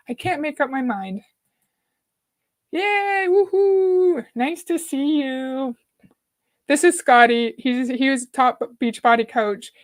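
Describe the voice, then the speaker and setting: A woman hosting a live reaction stream, chatting casually, greeting viewers by name and reading their comments aloud. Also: on the high side. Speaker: livestream host.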